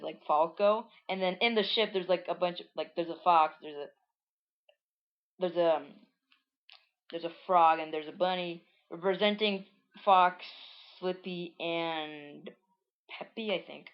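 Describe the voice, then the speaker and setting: A woman's voice: lowish voice, fairly even intonation, a little slow. A woman casually reading aloud and explaining a comic she made as a child, rambling with many asides. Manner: rambling, full of likes and restarts, amused. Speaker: reader. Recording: dull lo-fi recording.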